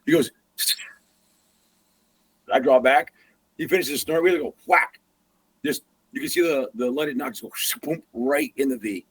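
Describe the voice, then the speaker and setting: A man's voice: mid-range voice, unhurried, long pauses, slightly rough. A man, a guest hunter, telling a story in a casual way and acting out the sounds and the dialogue. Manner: animated, acts out sounds and quoted dialogue.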